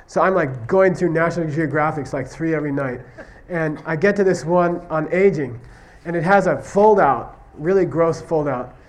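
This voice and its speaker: Male Buddhist teacher, slightly high voice, chatty lecture, constant "okay?" check-ins. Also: moderate pace. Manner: repeatedly checks understanding with "okay?" and "you see what I mean?"; tells stories, acting out question-and-answer exchanges. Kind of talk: conversational classroom lecture.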